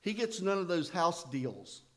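A man's voice: sits high, big pitch swings, a little slow, fairly bright tone. Man telling a recovery story with humor. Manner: conversational, self-deprecating humor. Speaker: speaker at a recovery meeting.

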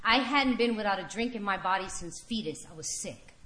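A woman's voice: medium pitch, expressive, fairly quick, sharp tone, roomy sound. A woman giving a candid personal share at a recovery meeting, telling her story frankly and with wry humor to a room of listeners.

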